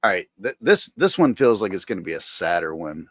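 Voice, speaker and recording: A man chatting casually on a live stream, animated and swearing as he talks to his chat and a friend. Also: sits low, a little fast, no room sound. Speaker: livestreamer.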